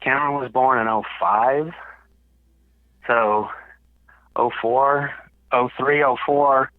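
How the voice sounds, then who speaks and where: A man's voice: medium pitch, fairly even intonation, takes it slowly, no room sound, phone-quality sound. Easygoing man with a Southern drawl. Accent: Southern US picked up in Alabama. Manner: easygoing, rambling, many fillers. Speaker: podcast guest. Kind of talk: casual chat.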